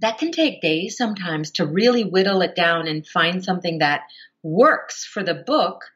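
A woman audiobook narrator, a guest on a podcast, explaining her craft at length with expressive, shifting emphasis. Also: on the low side, moderate pace, muffled recording. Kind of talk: podcast interview answer.

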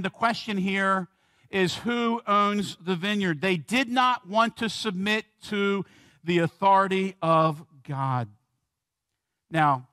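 A man preaching a sermon in a church as pastor, slowing down and stressing key words and asking the congregation questions. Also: fairly high pitch, a bit bright, no echo, studio quality.

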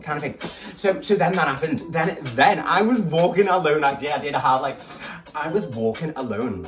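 A man's voice: a little high, normal speed. A man, tipsy, chatting in a rambling, gossipy vlog and swearing a lot. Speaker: vlogger. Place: his bedroom at home. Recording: distant mic with loud background music. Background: music playing.

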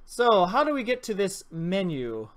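A woman with a medium-pitched, very animated voice plays a horror adventure game as a let's play gamer. At a measured pace she offers casual, playful commentary full of jokey, giggly asides.

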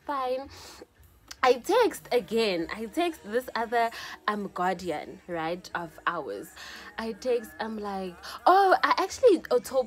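Animated young woman telling a storytime. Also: on the high side. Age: young adult. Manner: animated, frequent "yo" and "guys" fillers. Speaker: vlogger. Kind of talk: casual storytime.

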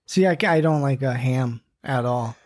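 A man's voice: mid-range voice, normal speed, a little mellow. A man co-hosting a casual podcast chat, blunt and swearing freely. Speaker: podcast co-host.

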